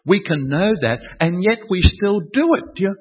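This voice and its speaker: A husky-voiced man delivers a sermon, pressing his points with repetition and rhetorical questions. His voice rings through a large hall with a long, trailing reverb. The sound is thin and tinny, like a phone line. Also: high-pitched, big pitch swings, moderate pace. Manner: emphatic, repeats key phrases and asks rhetorical questions. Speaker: preacher.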